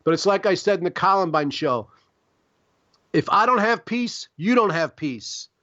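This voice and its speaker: A middle-aged man from Chicago talks in a loose, profane ramble, filling his sentences with "like" and "you know". His voice sits high for a man. The recording is dry and a little dull. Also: expressive, moderate pace, pushed and bright, no echo. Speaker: podcast guest, publisher. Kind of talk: casual interview storytelling.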